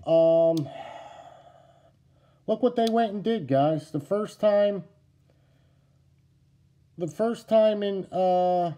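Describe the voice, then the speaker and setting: A middle-aged man with a New Jersey accent chatting casually to camera about knife collecting, excitable and repetitive, calling his viewers "guys" and "yous.". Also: high-pitched, drawn-out words, pauses often, lo-fi sound. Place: at home indoors.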